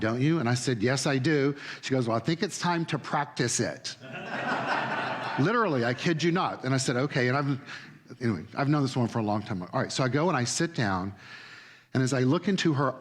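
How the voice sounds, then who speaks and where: A minister delivering a sermon as a relaxed, conversational story, acting out the voices of people he quotes. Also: medium pitch. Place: church sanctuary.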